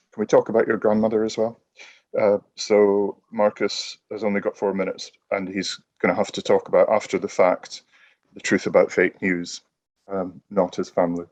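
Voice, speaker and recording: A man's voice: on the low side, a little mellow. A man hosting an online award event, introducing the next speaker with many fillers.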